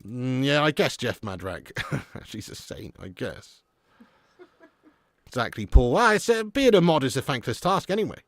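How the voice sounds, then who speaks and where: A man's voice: medium pitch, animated, normal speed. A man hosting a live watch-along stream, bantering and greeting viewers by name. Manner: banter-filled, reads out chat names. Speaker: livestream host. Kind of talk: casual watch-along chat.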